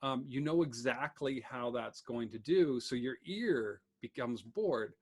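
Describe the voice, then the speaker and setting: A man casually explaining a bluegrass singing lesson, talking quickly with many ums over guitar. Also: medium pitch, animated, husky. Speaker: music teacher. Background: guitar playing.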